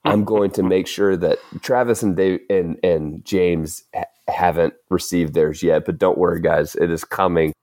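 Brief: male podcast host with a deep voice, easygoing and chuckly, dry booth sound. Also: fairly even intonation, normal speed, a little mellow, no room sound. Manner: laid-back, filler-heavy, chuckling. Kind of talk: casual podcast chat.

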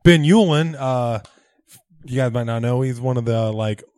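A young man of middle pitch co-hosting a podcast. He answers in short, laid-back remarks. The dry, close recording has no room echo. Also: moderate pace, a little mellow, smooth. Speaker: podcast co-host. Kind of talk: casual chat.

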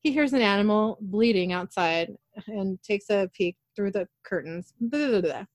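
A woman's voice: mid-range voice, normal speed, no room sound. Chatty woman retelling a TV episode. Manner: animated retelling, quoting characters in her own voice. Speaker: podcast host recapping an episode. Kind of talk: casual episode recap, reading lines aloud.

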